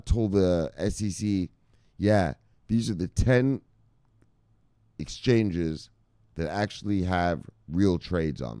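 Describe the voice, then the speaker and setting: A man with a deep voice runs a casual crypto news show, swinging his intonation up and down as he gets worked up. He swears freely and keeps calling his viewers brothers. The sound is dry and close. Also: dry recording. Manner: animated, profane, talks to viewers as brothers. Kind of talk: excitable casual news commentary.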